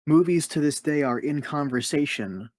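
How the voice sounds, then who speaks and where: A man in a tabletop role-play, offering a view in a measured, formal, slightly hesitant way. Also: fairly high pitch, animated, darkish tone. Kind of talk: in-character role-play chat.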